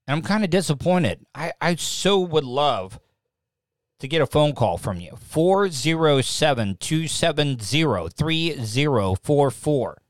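Using a desk podcast mic hooked to a mixing board, a man hosts a relaxed live-stream podcast from his lamp-lit home studio. His slightly high voice is expressive and a little slow, with no room sound; he wanders, mocks himself, and frequently says things twice.

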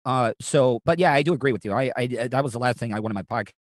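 A podcast host chats loosely and casually, rambling, restarting sentences, and swearing freely. His middling-pitched voice moves fast and sounds close and dry, with no room sound.

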